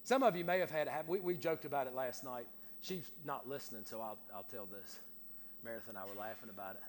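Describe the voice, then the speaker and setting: A man's voice: medium pitch, fast talker. A man preaching a sermon, telling folksy family stories with jokes and often repeating his words as he builds his point. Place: church sanctuary. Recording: long reverb of a church hall.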